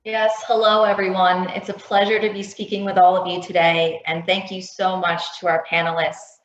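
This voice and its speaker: A woman's voice: lowish voice, level tone, normal speed. Polite woman co-moderator, echoey call. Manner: polite, with frequent ums. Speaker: attorney, co-moderator. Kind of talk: panel introductions. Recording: roomy lo-fi call audio.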